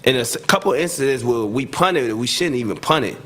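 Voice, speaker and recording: A man telling football stories in a casual interview, acting out quotes loudly and laughing often. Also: medium pitch, lively intonation, brisk. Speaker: retired football receiver, guest.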